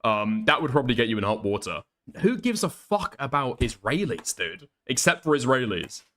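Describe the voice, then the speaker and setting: A man's voice: medium pitch, big pitch swings, moderate pace, sharp tone. A young man streaming commentary, ranting casually with lots of swearing and pushy "okay?" tags. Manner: profane, emphatic, repeats "okay?" to press points. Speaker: streamer reacting to clips.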